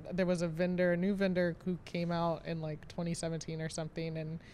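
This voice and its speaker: A woman in her late twenties chats easily in an interview, her voice sitting a touch low. She fills her sentences with fillers and breaks into laughs at her own remarks. A faint hum of noise runs behind her. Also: monotone, fairly quick, mellow. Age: 20s. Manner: chatty and self-deprecating, laughs often, many fillers. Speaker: vineyard manager. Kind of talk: casual interview conversation.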